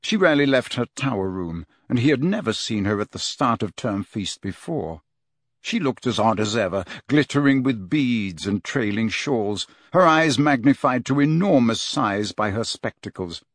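A man reading an audiobook as narrator, in steady, measured storytelling. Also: mid-range voice, dry recording, clean studio sound. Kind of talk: scripted narration.

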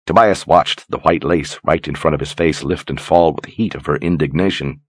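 A man narrating a fantasy audiobook in a measured, dramatic way. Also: extremely low pitch, no echo. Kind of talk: scripted narration.

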